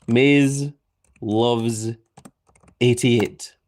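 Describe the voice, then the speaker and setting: A man's voice: medium pitch, steady tone, very slow, a little mellow. A man hosting a livestream, calling a giveaway in a playful wrestling-announcer manner and reading chat messages aloud. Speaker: livestream host.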